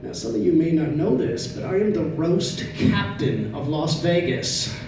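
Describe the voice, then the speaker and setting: A middle-aged man doing a stand-up set, spinning stories in a casual voice that climbs loud on the punchlines and drops to quiet asides. He is heard through a distant mic in a very echoey club room. A steady hiss of noise sits under him. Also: on the high side, a little slow. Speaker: stand-up comedian. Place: comedy club stage.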